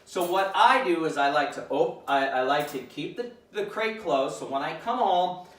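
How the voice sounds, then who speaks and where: A man, a dog trainer, explaining crate techniques in a calm, steady way, often restarting his sentences. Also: fairly high pitch, normal speed. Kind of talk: instructional demonstration. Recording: echoey room, mic far off.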